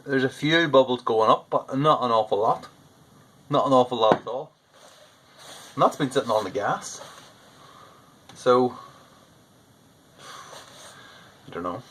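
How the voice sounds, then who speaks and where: A man's voice: medium pitch, slow pace, long pauses, a bit bright, slight background noise, poor audio. A man chatting casually through a home-brewing vlog, rambling and poking fun at himself. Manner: chatty, rambling, self-deprecating. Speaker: homebrewer.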